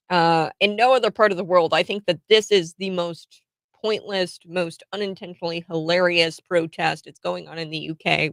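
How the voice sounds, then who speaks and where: A woman hosting a talk radio show, giving opinionated commentary in a chatty way, laughing often and filling pauses with many "uh"s and restarts. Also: on the low side, fairly bright tone, dry recording.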